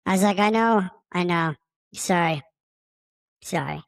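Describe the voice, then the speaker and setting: A man's voice: high-pitched, unhurried, creaky, dry recording. A man playing a friendly, immature male space alien who has taken over a podcaster's body, talking in a rambling, casual way and fond of swearing. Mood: chatty. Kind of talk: casual improvised monologue.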